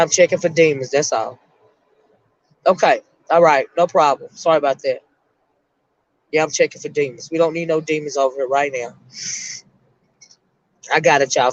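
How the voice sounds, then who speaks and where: A middle-aged woman, a retired school counselor, hosting an emotional live-stream chat and speaking haltingly to her viewers. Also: low voice, dry recording, lo-fi sound. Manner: emotional, halting, repeats words while talking to her chat.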